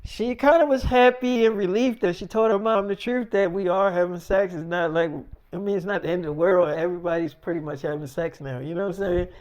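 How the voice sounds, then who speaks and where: A man's voice: high voice, steady tone, brisk, hardly any pauses, a little mellow, lo-fi sound. A man casually improvising a rambling story.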